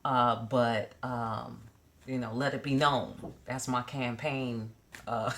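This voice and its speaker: A woman's voice: extremely low pitch, slow, creaky, a bit bright, slight background noise. A woman giving a casual tarot reading to camera, blunt and profane, with joking asides and repeated check-ins of "okay?". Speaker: tarot reader.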